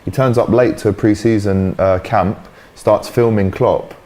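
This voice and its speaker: A man's voice: on the low side, fairly even intonation, measured pace, mellow. A man with a London accent hosting a live football panel, bantering easily and reading out viewer comments. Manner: easygoing, banters with guests. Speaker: host.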